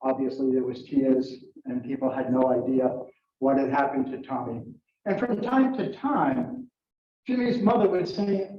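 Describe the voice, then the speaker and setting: An older retired man telling a story to a club audience, halting, with many fillers and restarts. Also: medium pitch. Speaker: club speaker. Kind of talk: storytelling speech. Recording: dull, roomy, from a distance.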